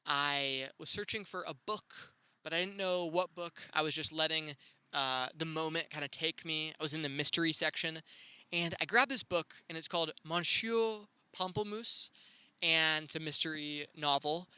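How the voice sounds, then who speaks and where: A young man hosting his own show, telling stories in a laid-back, chatty way with sudden excited rises. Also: fairly high pitch, moderate pace, clear, resonant tone, no echo. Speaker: podcast host. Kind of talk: casual solo storytelling.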